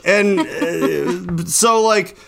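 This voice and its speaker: His voice is high-pitched and creaky, and he speaks extremely slowly. The young man hosts a casual late-night podcast, rambling through a long story full of "like" and playing both roles in his phone calls.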